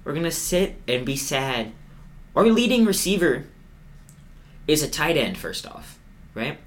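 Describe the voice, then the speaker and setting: A young man co-hosting a podcast, telling sports stories in an animated, sarcastic, self-mocking way. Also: a little high, measured pace. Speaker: podcast co-host. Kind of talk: casual sports chat.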